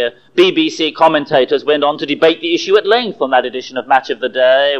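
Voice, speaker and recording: A man preaching a sermon, telling stories with animated, dramatic delivery. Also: fairly high pitch. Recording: dull lo-fi recording.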